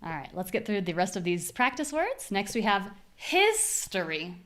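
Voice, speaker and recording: An American woman teaching a live online pronunciation class, modeling words with clear, exaggerated stress. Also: mid-range voice, animated, fairly quick, fairly bright tone.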